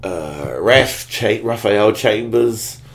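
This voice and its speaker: A man, a podcast guest telling stories in relaxed slang that trails off and restarts. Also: on the low side, takes it slowly, noisy background. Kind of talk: casual storytelling chat.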